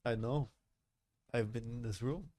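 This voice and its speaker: A man voicing a stern foreign government agent with a Russian accent, talking in a clipped, formal, deadpan way. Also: medium pitch, a little slow, no echo, lightly acted. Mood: cold, blunt.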